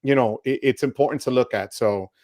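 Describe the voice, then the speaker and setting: A man's voice: medium pitch, a little fast, darkish tone. A man in his fifties hosting a casual livestream chat, playful and teasing, dropping Spanish words into his talk. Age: 50s. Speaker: host.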